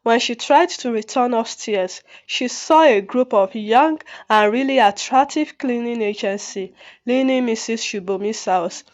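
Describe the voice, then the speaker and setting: Lady reading a folktale out, steady and plain, higher voice, muffled lo-fi sound. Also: measured pace. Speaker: storyteller. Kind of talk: scripted folktale narration.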